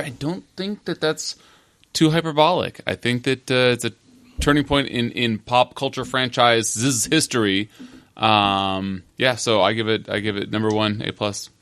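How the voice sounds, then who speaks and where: A man's voice: mid-range voice, fairly bright tone, smooth, dry recording. A man co-hosting a podcast in casual chat, talking enthusiastically and emphatically. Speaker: podcast co-host.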